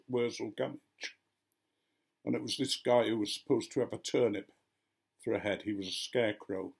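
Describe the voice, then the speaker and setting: A man's voice: mid-range voice, gravelly. An older man, a retired vicar, telling a story casually and acting out the voices of the people in it. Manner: gently amused, acting out quoted voices.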